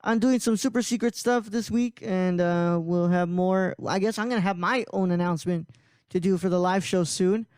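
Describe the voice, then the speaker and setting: A man's voice: high voice, normal speed, a little mellow, clean tone, dry recording. A man hosting a casual podcast, rambling with frequent laughs and restarts. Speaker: podcast host.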